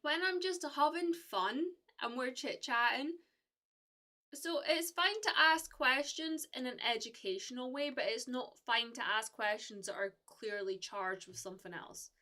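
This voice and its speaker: A woman's voice: high-pitched, a little slow, bright, forceful tone. A young woman from the UK chatting casually with viewers on a live stream, rambling with lots of fillers and restarts.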